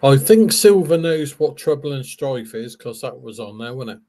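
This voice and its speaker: A man's voice: medium pitch, expressive, moderate pace, warm tone. A man chatting casually on a livestream, teasing his co-host and quizzing her on slang. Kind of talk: casual chat.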